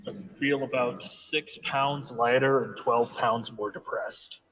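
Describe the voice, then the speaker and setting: A man chatting on a friend's gaming stream, trading dry, quick-witted quips. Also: medium pitch, steady tone, fairly bright tone, poor audio. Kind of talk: casual gaming stream chat.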